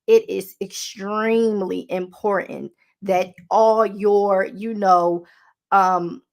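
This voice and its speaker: A woman's voice: mid-range voice, steady tone, takes it slowly, gravelly. A woman with a Baltimore accent hosting a podcast, chatting casually and reading a law aloud, sassy and calling listeners honey. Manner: chatty and sassy, calls listeners honey, stumbles over words. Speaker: podcast host.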